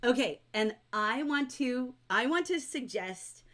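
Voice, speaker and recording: Chatty, animated woman teaching a class. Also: fairly high pitch, takes it slowly. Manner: animated and chatty, acts out characters' lines. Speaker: teacher leading a novel study. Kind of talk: livestreamed class, reading chat aloud.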